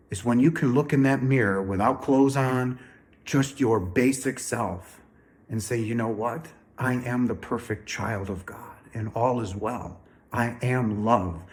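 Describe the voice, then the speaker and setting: A man talks straight to his viewers in an earnest, emphatic way. He repeats phrases and keeps calling out to "ladies and gentlemen." He says he is still a little sick. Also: mid-range voice. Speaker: spiritual speaker. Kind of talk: earnest direct-to-camera talk.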